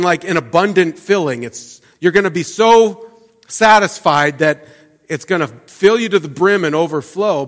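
A man preaching a sermon as pastor, talking in a loose conversational way with fillers and restarts, dropping to soft asides and rising to loud emphatic peaks. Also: sits high, long reverb tail. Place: church sanctuary.

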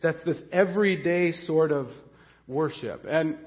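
A man's voice: fairly high pitch, measured pace, in a large hall, muffled recording. Fired-up male pastor preaching. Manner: earnest and excitable, often restarting words. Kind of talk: sermon.

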